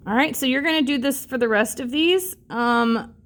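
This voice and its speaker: A woman's voice: high voice, moderate pace, a bit bright. A woman teacher leading a phonics lesson, patiently sounding out words syllable by syllable.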